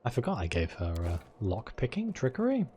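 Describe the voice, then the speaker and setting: A man's voice: mid-range voice, huge pitch swings, a little fast, warm tone, slight background noise. Chatty man playing a game. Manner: chatty, self-deprecating, thinking aloud. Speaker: let's-play gamer. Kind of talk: casual gameplay commentary, reading dialogue aloud.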